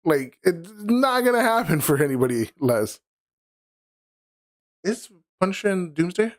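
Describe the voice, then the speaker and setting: A man's voice: high-pitched, unhurried, dry recording, studio quality. A man co-hosting a podcast, chatting casually and laughing as he talks. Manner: animated, laughs while talking. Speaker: podcast co-host. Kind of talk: casual chat.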